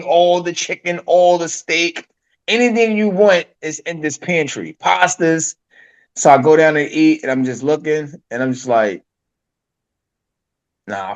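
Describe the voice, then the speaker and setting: A man's voice: mid-range voice, muffled recording. A man as a podcast guest, telling his story casually with street slang and acting out the dialogue.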